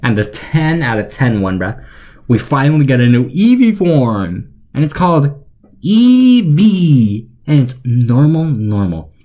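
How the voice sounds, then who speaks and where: A young man giving deadpan, sarcastic commentary for a joke video, rambling with fillers. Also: mid-range voice, moderate pace. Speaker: YouTuber.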